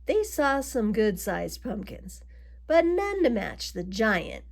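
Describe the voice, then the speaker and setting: A woman reading a children's picture book aloud, adding gentle asides to her young listeners. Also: on the high side, big pitch swings, slow pace, gravelly. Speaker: storybook reader.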